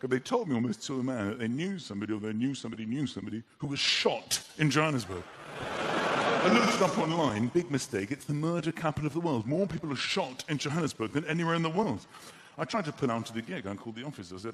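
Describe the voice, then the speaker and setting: Animated stand-up comedian. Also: male voice, medium pitch, fast talker. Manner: animated, acts out little scenes and voices. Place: large theatre stage. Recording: live theatre with audience noise.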